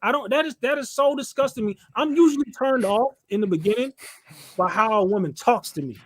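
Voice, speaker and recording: A man from California in a casual podcast discussion, animated, blunt and opinionated, laughing often. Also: extremely high pitch, quick pace, a little hiss or hum. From California, United States.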